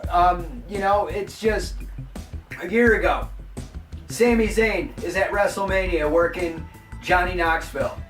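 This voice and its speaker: A man's voice: high voice, unhurried, a bit bright, distant mic. A man in his forties rambles casually and swears freely as the host of his own show. He sits well back from the mic in an echoey room. Faint music runs underneath. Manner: rambling, profane, conversational. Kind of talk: casual wrestling talk.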